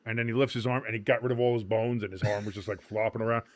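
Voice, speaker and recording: A man hosting a live sports watch-along stream, chatting casually and calling plays, loud when the action picks up and muttering asides in between, with some swearing. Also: fairly low pitch, racing, no echo, studio quality. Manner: excitable, swings from loud play calls to muttered asides, swears. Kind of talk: casual live game commentary.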